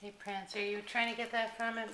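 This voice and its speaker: A woman's voice: a little high, flat delivery, fairly quick. Woman cooing sing-song at kittens. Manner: soft, sing-song baby talk to kittens. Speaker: cat breeder filming her kittens. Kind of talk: cooing at kittens while filming. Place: indoors at home with kittens. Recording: echoey room, faint noise.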